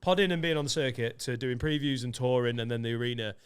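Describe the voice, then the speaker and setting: A middle-aged man, a guest comedian in a casual podcast chat, telling stories with plenty of swearing and quick asides. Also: medium pitch, clear, resonant tone.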